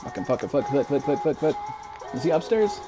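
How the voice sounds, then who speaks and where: A man's voice: fairly high pitch, brisk. Young american guy streaming a shooter, swears nonstop, rants at the game, faint music behind. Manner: profane, excitable, reads chat aloud. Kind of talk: live gameplay commentary.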